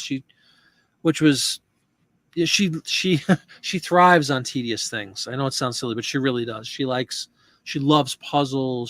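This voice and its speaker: Man, live chat host, rambling casual talk, mid pitch, dry close sound. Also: a bit bright, dry recording. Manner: chatty, rambling with restarts and asides.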